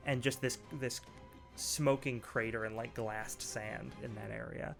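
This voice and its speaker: A man's voice: medium pitch, a little slow, gravelly. Laid-back male game master. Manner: relaxed, laughing, many fillers. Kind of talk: narrating a tabletop game. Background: faint background music.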